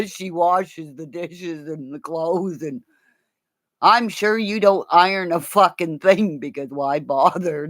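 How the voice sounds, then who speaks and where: Woman, livestream chat from home, laughs a lot, swears freely, slow drawn-out delivery, lively swooping pitch. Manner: laughs constantly, swears freely, teasing and affectionate. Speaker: livestream host chatting with viewers. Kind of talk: casual rambling chat. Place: at home, in bed with her dog.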